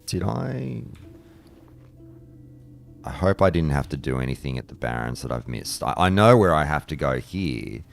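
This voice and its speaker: A man's voice: rumbling low, animated, brisk, creaky, few pauses, soft background music. A man chatting casually and bluntly on a live stream, swearing freely and rambling between thoughts. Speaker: streamer and podcast host. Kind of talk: casual live-stream chat while gaming.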